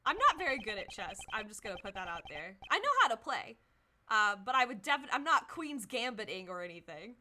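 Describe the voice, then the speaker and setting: A woman's voice: on the high side, very animated, a little fast, sharp tone, a little hiss or hum. Chatty young woman streaming a game. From American South. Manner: chatty, giggly asides. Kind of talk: let's-play commentary. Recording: game music behind.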